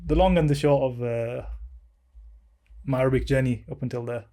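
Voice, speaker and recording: A man in his thirties, a podcast guest telling a long anecdote in a casual, animated way, laughing often. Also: medium pitch, moderate pace. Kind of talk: casual storytelling.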